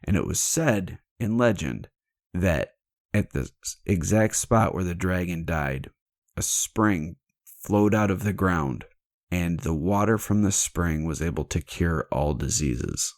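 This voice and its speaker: Low-voiced podcast guy, joking around and cussing, dead dry close mic. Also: animated, takes it slowly, no echo. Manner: irreverent and jokey, swears freely. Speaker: podcast host. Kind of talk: casual storytelling chat.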